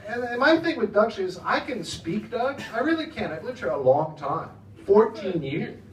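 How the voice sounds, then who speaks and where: A man's voice: high voice, big pitch swings, normal speed, a crowd in the background. An American man doing a rambling, chatty stand-up comedy set, often laughing at his own jokes. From United States. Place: comedy club stage in the Netherlands. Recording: echoey room from some distance, faint noise.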